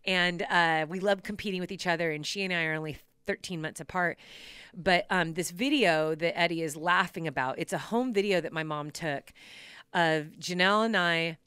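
Female podcast host, casual animated storyteller; smooth crisp tone, dry close sound. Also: fairly low pitch, normal speed, dry recording. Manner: animated, laughs often while telling stories.

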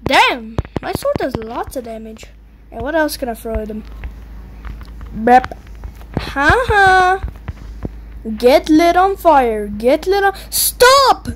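A young woman giving excitable, taunting commentary while playing a video game, yelping and squealing at the action. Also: takes it slowly, pauses often. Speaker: gamer. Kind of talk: gameplay commentary. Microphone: low-quality mic. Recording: faint noisy low-quality mic.

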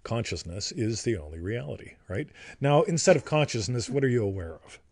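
Co-hosting a livestream, a man teaches in a playful, joking, crude style, often tossing in "right?" as he goes. His medium-pitched voice is brisk, very animated and a little mellow, captured at studio quality with no echo.

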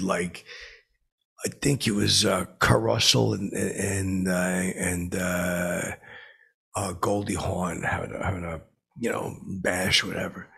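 A man telling a rambling comic anecdote, halting and full of fillers, with blustering asides. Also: low-pitched, creaky, a bit bright, husky. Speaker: storyteller.

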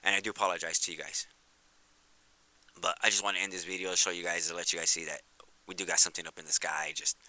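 A man talking casually over his video footage, eager and repetitive as he points things out, then turning soft and apologetic. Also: sits low, no echo. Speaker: video creator. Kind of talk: casual vlog commentary.

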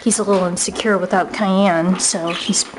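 A woman's voice: lowish voice, fairly even intonation, normal speed, background noise. A woman filming her pet birds at home with a handheld camera, explaining what they do and talking sweetly to them in a sing-song voice. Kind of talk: casual home video narration. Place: home room with a china cabinet. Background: bird chirps and squeals.

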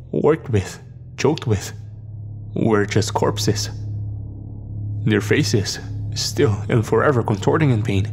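Gravelly man narrating horror. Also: lowish voice. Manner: steady dramatic storytelling.

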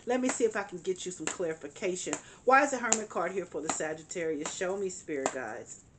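A woman's voice: lowish voice, expressive, quick pace, noisy background. A woman tarot reader talking straight to the listener, emphatic and repeating her points as she reads the cards. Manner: emphatic, repeats phrases, addresses the listener directly. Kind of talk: tarot reading monologue.

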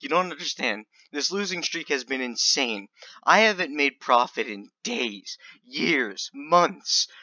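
Stammering young man with a bright tone. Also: medium pitch, animated, normal speed, no room sound, highs cut off, faint music behind. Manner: stammering, swings between screaming and mumbling. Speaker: gaming video creator. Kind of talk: casual commentary while gambling online.

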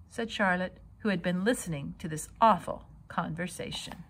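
A woman reading a children's novel aloud in a lively, expressive way. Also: fairly low pitch, normal speed, a little hiss or hum. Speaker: storybook reader.

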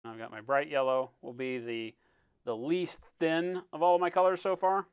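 A man talking through a live-stream painting tutorial in a relaxed, explanatory way, often checking in with "right?" and sometimes muttering as he works. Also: fairly high pitch, normal speed, smooth, no room sound. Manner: muttering while working. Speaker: miniature painting instructor.

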